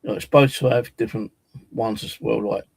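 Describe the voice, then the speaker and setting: A man casually demonstrating ghost apps, rambling and hesitant with many pauses. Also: lowish voice, steady tone, vocal fry, a little mellow, slightly rough, dry recording, rough recording. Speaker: paranormal vlogger.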